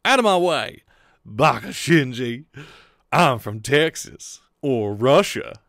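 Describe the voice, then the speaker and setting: A man's voice: medium pitch, very animated, no echo, clean studio sound. A man voicing a brash teenage girl with a put-on Southern drawl in a read-aloud comic. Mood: bossy. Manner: loud, bossy, slow exaggerated drawl.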